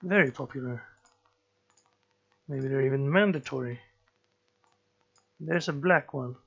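A man giving slow let's play commentary, musing and thinking aloud as he plays. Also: medium pitch, vocal fry, dull audio. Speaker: gameplay commentator.

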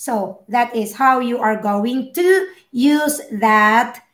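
Woman tutor, young, slightly high voice, very slow and patient, echoey room. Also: a bit bright. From Philippines. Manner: slow, patient, explains each word and repeats it. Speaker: language tutor. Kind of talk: live-streamed language lesson.

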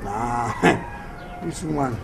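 An actor with a Nigerian Pidgin accent playing a cheeky young houseboy who begs and jokes. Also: male voice, mid-range voice, extremely slow, gravelly, crowd noise, rough recording. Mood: pleading. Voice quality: Pidgin banter, begging tone. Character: cheeky young male houseboy, pleading and joking.

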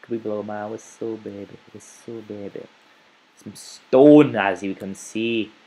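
A man's voice: lowish voice, fairly even intonation, a little slow, mellow, low-quality recording. A man giving playful, rambling let's play commentary as a gaming channel host, chatting to the animals in his game.

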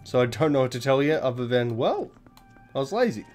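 A man's voice: medium pitch, fast, darkish tone, faint music behind. A young man giving rambling, self-deprecating, sweary commentary over a game he plays. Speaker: let's play commentator. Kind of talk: casual gameplay commentary.

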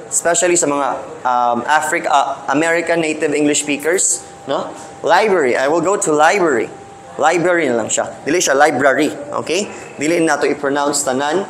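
A man's voice: fairly high pitch, a bit bright. A man with a Filipino Cebuano accent gives a linguistics lecture, switching between English and Cebuano, drawing out example words and checking with "okay?". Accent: Filipino, Cebuano-speaking. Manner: drawn-out, emphatic word examples. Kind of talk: classroom lecture. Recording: echoey room with faint ambient noise.

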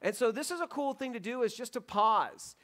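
High-voiced casual pastor. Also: male voice, brisk, a bit bright. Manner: casual, joking with the congregation. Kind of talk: sermon. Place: church sanctuary.

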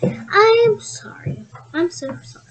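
A woman's voice: very high voice, sing-song, measured pace, pitched above the performer's own voice, heavily acted. A woman voicing a kind, motherly female mole in a storybook, calling the listener dearie. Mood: kindly. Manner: motherly, calls others dearie.

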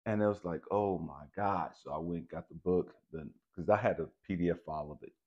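A man telling a personal story to the camera in an animated, profane, emphatic way. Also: sits low, quick pace, dull audio. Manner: animated, profane, keeps saying "stay with me, I'm going somewhere". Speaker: channel host.

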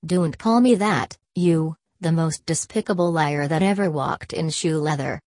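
Give me a woman playing a fiery working-class wife, low voice and fierce. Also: unhurried, a little mellow, no room sound, clean studio sound. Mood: furious. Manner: fierce, cutting retorts.

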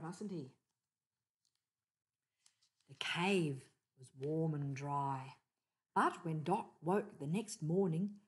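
An older woman reading a picture book aloud, slowly, pausing to point out the pictures. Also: sits low. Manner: slow, pauses to point out pictures. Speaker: storyteller.

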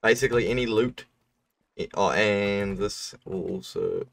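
A man's voice: lowish voice, takes it slowly, gravelly, pauses often, distant mic. Laid-back male streamer explaining a build. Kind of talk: casual gameplay commentary.

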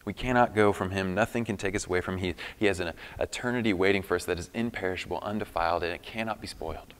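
A man's voice: deep voice, fast, smooth, long reverb tail. A man preaching a sermon as pastor, earnest and emphatic, often restarting his phrases. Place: church hall.

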